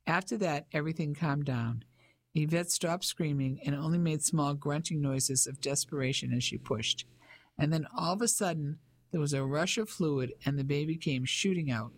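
An audiobook narrator reading a novel in an even, measured way. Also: mid-range voice. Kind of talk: scripted narration.

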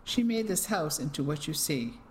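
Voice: mid-range voice, expressive, moderate pace, slight background noise, close to an everyday voice, rough recording. A storyteller voicing a cheerful French fisherman husband speaking English. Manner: cheerful, warm.

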